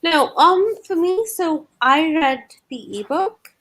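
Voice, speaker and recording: A woman talking in a casual online book club, halting and repeating words as she finds her phrasing. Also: very high voice, expressive, a bit bright. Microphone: video call.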